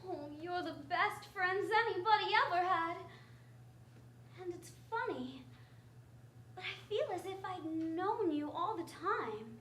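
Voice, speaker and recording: A woman's voice: extremely high pitch, lively intonation, a little slow, a bit bright, slight background noise, exaggerated voice. A woman playing an earnest, wide-eyed young girl heroine in a live radio play. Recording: echoey theater stage.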